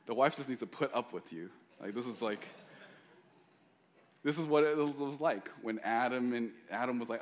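A man's voice: mid-range voice, moderate pace, pauses often. A male pastor preaching a sermon in a joking, conversational way.

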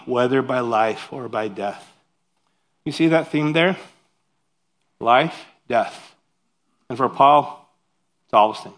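A pastor preaching a sermon. He reads scripture aloud, explains it, and adds humorous, self-deprecating asides in a lively way. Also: mid-range voice.

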